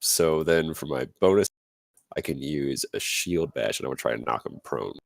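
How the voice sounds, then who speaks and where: Deep gravelly man playing a tabletop game. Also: normal speed, no room sound. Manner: joking, hesitant, restarts often. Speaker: player. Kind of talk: casual tabletop play.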